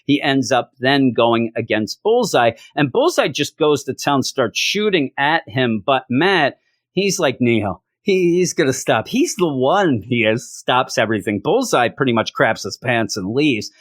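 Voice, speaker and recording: A man's voice: mid-range voice, measured pace, no echo. A man reviews comics in a loose, joking way and keeps slipping into little voices for the characters. His voice sits in an ordinary middle register. The recording is dry and close, with no room sound. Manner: jokey, animated, acts out quotes from the story. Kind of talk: casual video review.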